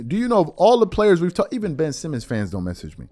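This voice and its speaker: A man hosting a podcast, giving a mocking commentary monologue that swings between hushed asides and loud outbursts. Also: fairly high pitch, huge pitch swings, quick pace, few pauses, faint music behind. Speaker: podcast host.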